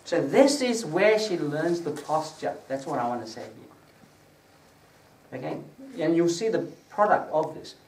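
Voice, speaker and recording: A man with a fairly high voice teaches a sermon and keeps checking that his listeners follow him. He swells louder on scripture quotes. He sounds set back from the mic in a reverberant room, with a faint hiss underneath. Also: animated, a little slow, distant mic. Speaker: preacher. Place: prayer gathering room.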